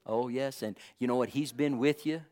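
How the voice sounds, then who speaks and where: A man preaching a fervent sermon in a rhythmic, repetitive cadence, peppering his lines with praise and swinging from loud declarations to hushed, near-whispered words. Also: mid-range voice, moderate pace.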